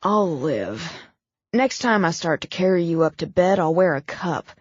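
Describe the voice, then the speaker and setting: A woman's voice: fairly low pitch, expressive, normal speed, slightly rough, no echo, muffled recording. Woman playing a wry grown man wheezing in pain. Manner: dry, wheezing, grumbling.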